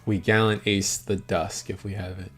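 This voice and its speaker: A man's voice: low-pitched, little pitch movement, normal speed, fairly bright tone, faint music behind. A young man hosting a stream, giving casual, rambling live commentary on a card game and chatting with viewers in slang. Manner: rambling and slangy, talks to chat.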